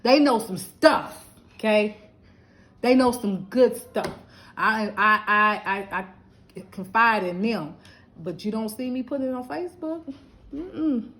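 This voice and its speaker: On a rough recording, a middle-aged woman from Lubbock, Texas talks slowly in a fairly high voice. She's chatty and animated on her casual live stream, laughing and addressing her viewers directly.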